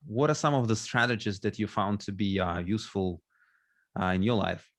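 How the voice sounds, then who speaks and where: A man hosting a podcast, asking measured, reflective questions of his guest. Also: on the low side, expressive, dry recording, studio quality. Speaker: podcast host. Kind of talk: interview questions.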